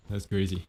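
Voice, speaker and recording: A man streaming a game and chatting casually, rambling and joking at his own expense. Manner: rambling, self-deprecating, laughs often.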